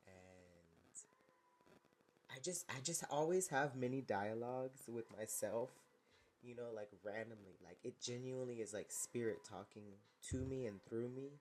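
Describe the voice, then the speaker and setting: A man's voice: mid-range voice, measured pace, darkish tone, a little hiss or hum. A man in a casual, reflective monologue, searching for words with fillers and restarts as he affirms himself through self-doubt. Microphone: testing a microphone.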